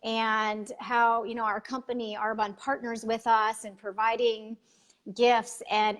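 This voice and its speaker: Female podcast host, slightly high voice, effusive and halting. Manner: gushing, halting, many restarts. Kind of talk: casual chat.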